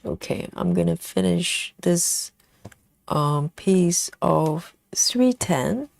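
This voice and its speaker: Female stitching streamer, unhurried and chatty, with a lilting, swooping voice and dry close sound; laughs a lot. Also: fairly low pitch, big pitch swings, vocal fry, a little mellow, no echo. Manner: chatty, laughs often, thinks aloud. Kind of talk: live stitch-along chat.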